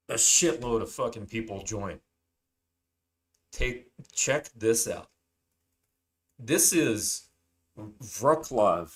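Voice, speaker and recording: A man with a fairly low voice talks his way through a loose, casual monologue as a channel host. He drifts from point to point, swears freely and fills pauses with "um" and "uh". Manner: rambling, heavy swearing, many fillers.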